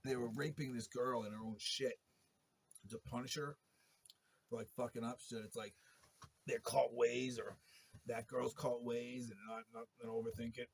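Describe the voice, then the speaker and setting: A man's voice: medium pitch, steady tone, moderate pace, vocal fry, long pauses, slight background noise. A man in a long, rambling monologue, talking in a profane and agitated way. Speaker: interviewee telling his story.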